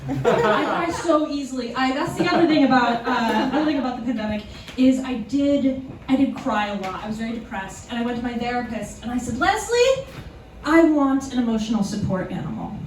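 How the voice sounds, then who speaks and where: A woman's voice: a little high, brisk. A young woman doing a live stand-up set in a small club, self-deprecating and chuckling through her punchlines. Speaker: stand-up comedian. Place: small comedy club theater, live audience. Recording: echoey club room, distant, noisy.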